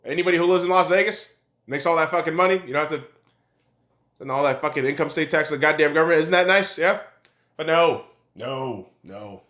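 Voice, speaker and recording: A man's voice: on the high side, fast, sharp tone. A man hosting a podcast, ranting in a heated, sarcastic, swear-filled monologue. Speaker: podcast host. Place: room in Nevada. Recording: echoey room.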